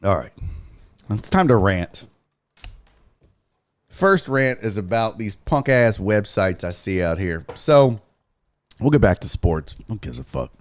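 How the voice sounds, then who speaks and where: Speaking slowly with long pauses, this male sports show host uses a lowish voice with big pitch swings. His live-streamed rant is profane and exasperated, punctuated by mocking sing-song asides.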